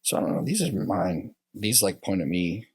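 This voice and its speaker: A man's voice: low voice, animated, normal speed, husky, no echo. A man appearing as a guest on a podcast, rambling about his own habits and acting out remembered conversations with his wife in casual talk. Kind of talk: casual conversation, personal reflection.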